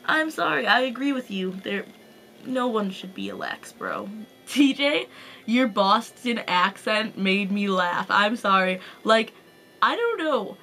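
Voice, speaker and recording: Bright-voiced bubbly young woman vlogger. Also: medium pitch, very animated, unhurried, faint music behind. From Wisconsin, USA. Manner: bubbly, giggly, self-mocking. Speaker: collab video vlogger. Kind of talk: casual chatty vlog.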